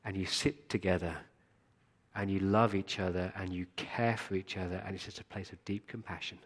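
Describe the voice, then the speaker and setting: A man's voice: sits low, steady tone, moderate pace, slightly rough. A male pastor giving a sermon, speaking earnestly and appealing directly to his congregation.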